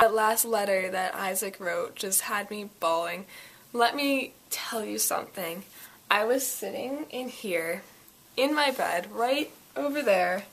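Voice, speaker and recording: A woman's voice: mid-range voice, husky. A young woman rambling casually about a book she loved, in a vlog from her shared bedroom, full of filler words. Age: young adult. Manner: rambling, filler-heavy, animated. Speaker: vlogger. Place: bedroom in a shared dorm room.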